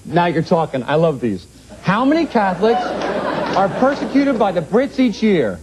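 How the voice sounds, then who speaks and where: A brash, crass talk show host. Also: male voice, high-pitched, sing-song, normal speed, a crowd in the background, background noise. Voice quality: brash, tactless, joking. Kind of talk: sitcom acting. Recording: loud studio audience behind.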